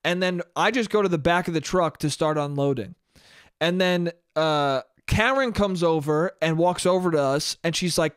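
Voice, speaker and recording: A man's voice: fairly high pitch, animated, normal speed, clear, resonant tone, no echo, clean studio sound. A man hosting a solo podcast, telling a story in a profane, exasperated way. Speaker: podcast host. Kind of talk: casual solo podcast monologue. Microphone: podcast microphone.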